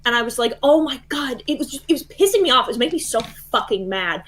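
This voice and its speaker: A woman's voice: on the high side, expressive, quick pace, fairly bright tone. A woman on a voice call telling a story in a casual, heated way, swearing a lot and laughing as she goes. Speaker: guest caller.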